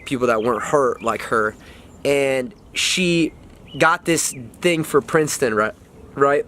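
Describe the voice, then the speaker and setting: A man's voice: mid-range voice, a bit bright. A young man giving casual motivational advice, rambling and repeating himself with many fillers.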